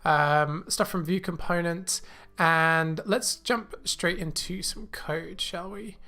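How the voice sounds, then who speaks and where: A man hosting a coding livestream, thinking aloud with many fillers and restarts, a little choked and clearing his throat. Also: fairly high pitch, fairly even intonation, takes it slowly, pushed and bright. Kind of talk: casual live coding walkthrough. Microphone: new desk mic.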